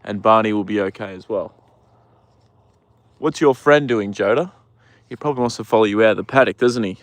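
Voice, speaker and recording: A man's voice: lowish voice, a little fast, no room sound. A man hosting a casual live stream outdoors by a horse paddock, rambling and answering viewer comments, with the odd swear word.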